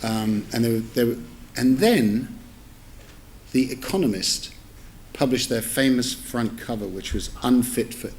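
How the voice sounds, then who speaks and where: Speaking at a measured pace in a darkish, mid-range voice, a middle-aged man tells a rambling, amused story during a public lecture. He's a newspaper editor in a lecture theatre with an audience, chatty, cutting himself off with corrections and amused asides; slight hiss or hum is audible.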